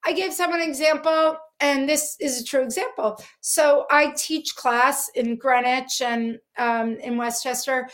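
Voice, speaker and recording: A woman's voice: sits high, steady tone, a little slow, few pauses, a bit bright. A middle-aged woman dog trainer explaining things earnestly in an interview, with many fillers. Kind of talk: interview answers.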